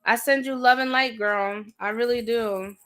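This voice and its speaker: A woman's voice: fairly high pitch, fairly even intonation, moderate pace, fairly bright tone, clear, resonant tone. A woman giving a live tarot reading, blunt and direct, scolding her viewer in slangy talk and repeating herself for emphasis. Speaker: tarot reader.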